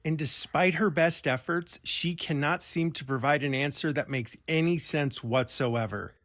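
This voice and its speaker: A man's voice: on the high side, moderate pace, a bit bright. A man narrating a true-crime commentary over interview clips, in a pointed, incredulous, rhetorical manner.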